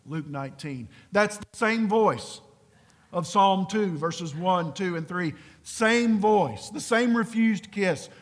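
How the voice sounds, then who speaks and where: A high-voiced man preaching slowly and deliberately, earnest and pleading. He often sinks to a hushed near-whisper to drive a point home. His voice rings with long reverb in a large church hall. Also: lively intonation. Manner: earnest, pleading, dropping to a hushed low voice for emphasis. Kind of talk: sermon.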